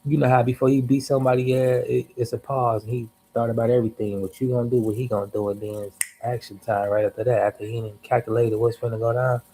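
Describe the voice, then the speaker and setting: A man's voice: mid-range voice, little pitch movement, quick pace, few pauses, dark tone, a little hiss or hum, rough recording. Young male streamer, casual storyteller, heavy slang and cursing, rambling asides. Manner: loose, slangy, profane, restarts and asides. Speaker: livestream host.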